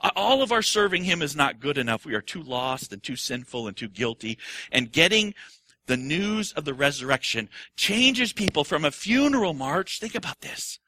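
Male pastor, middle-aged, sermon, very bright tone, husky voice, dry sound. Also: fairly high pitch, normal speed, no echo. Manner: repetitive restarts, rhetorical questions, acted-out quotes; swings from quiet to shouting excitement.

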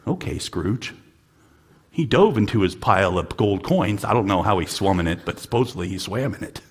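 A man preaching a sermon as a pastor, dropping to near-whispers and then rising to loud, emphatic peaks, often repeating words. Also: fairly low pitch, expressive, normal speed, husky.

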